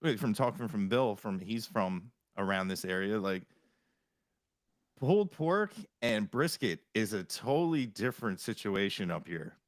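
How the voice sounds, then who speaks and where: A man hosting a podcast, chatting casually with halting restarts and frequent laughs. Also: fairly low pitch, animated, no echo, clean studio sound. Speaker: podcast host.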